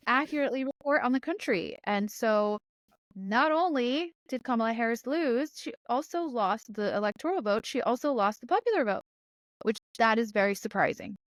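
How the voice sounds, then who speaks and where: Smooth-voiced woman telling a chatty story. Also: fairly high pitch, lively intonation, normal speed, no echo. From Georgia, USA. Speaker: journalist and podcast host. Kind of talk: casual political discussion.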